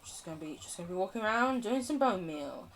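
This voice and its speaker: A woman's voice: mid-range voice, animated, fast talker. A woman streaming a game, chatting in a rambling, self-mocking way, laughing often and swearing casually. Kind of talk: casual live-stream chatter while playing.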